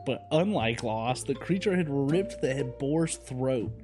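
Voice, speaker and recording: A man's voice: medium pitch, animated, unhurried, over music. A man co-hosting a podcast in casual chat, rambling and joking with lots of fillers. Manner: rambling, jokey, many fillers. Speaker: podcast co-host.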